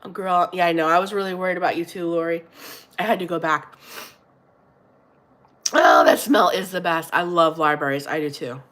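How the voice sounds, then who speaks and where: A middle-aged woman with a stuffy nose hosting a casual livestream, chatting with her viewers and greeting them warmly by name. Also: on the low side, normal speed, pauses often. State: congested, blowing her nose. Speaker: livestream host reading viewer chat.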